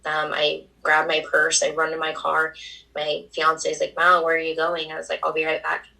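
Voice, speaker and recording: A young adult woman, a guest on a talk show, telling an emotional personal story at a quick pace. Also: deep voice, monotone, gravelly, pushed and bright, recorded from a distance, poor audio.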